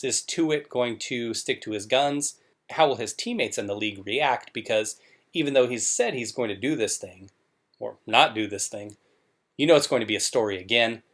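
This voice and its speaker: A man in his own sarcastic commentary voice, mid-pitched and scornful, mocking whoever he talks about. He speaks casually, with rhetorical questions thrown out to his viewers. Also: a bit bright. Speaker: commentary show host.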